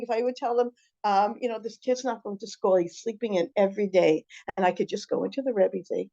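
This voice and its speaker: A middle-aged woman teaching an informal class, chatty and animated, rambling with many restarts. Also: fairly high pitch. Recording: muffled lo-fi recording.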